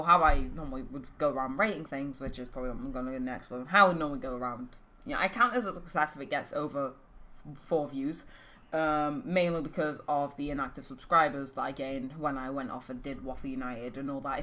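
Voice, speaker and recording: A woman's voice: low-pitched, pushed and bright. A teenage girl giving a rambling, casual channel update, full of ums, restarts and offhand swearing. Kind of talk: rambling casual vlog talk.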